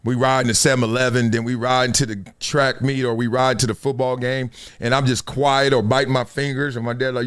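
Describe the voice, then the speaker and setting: A man hosting a casual livestream of sports commentary, talking in an animated, playful way and laughing often. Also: fairly quick, clean tone. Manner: animated, playful, laughing, jumps between high and low tones. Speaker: host.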